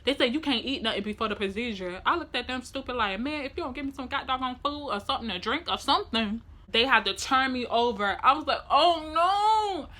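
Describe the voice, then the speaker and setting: A young woman, telling a personal story in an animated, demonstrative way. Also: on the high side, fast talker, hardly any pauses. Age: young adult. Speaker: vlogger. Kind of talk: emotional storytime.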